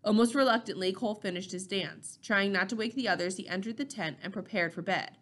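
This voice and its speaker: A woman narrating a novel chapter in a steady, measured reading voice. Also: mid-range voice. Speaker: audiobook reader.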